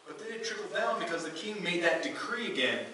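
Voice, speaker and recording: A man's voice: sits high, animated, brisk, sharp tone, slight background noise. A man preaching a sermon in a conversational way, often restarting his sentences. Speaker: pastor. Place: church sanctuary. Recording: echoey room, voice from a distance.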